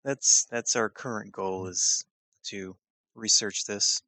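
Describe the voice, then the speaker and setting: A man playing a tabletop game, low-key and a bit hesitant, at times speaking as his character. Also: steady tone, slow pace, bright, forceful tone, no room sound. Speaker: player. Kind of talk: casual tabletop chat, some in-character talk.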